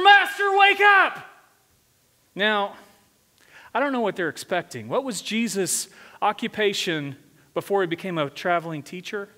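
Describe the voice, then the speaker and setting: High-voiced preaching man in a reverberant hall. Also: a bit bright. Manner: conversational preaching, asks the congregation questions. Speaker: senior pastor. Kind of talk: sermon. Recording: long hall reverb from a church sanctuary.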